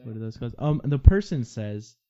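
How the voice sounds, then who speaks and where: A man's voice: medium pitch, lively intonation, a little fast, mellow. A young man giving a casual, offhand behind-the-scenes intro and chatting with friends. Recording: muffled lo-fi recording with faint noise.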